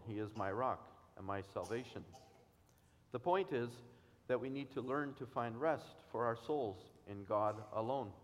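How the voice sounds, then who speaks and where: A man preaching a sermon in an earnest, measured way, asking his listeners questions. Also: medium pitch. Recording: long hall reverb.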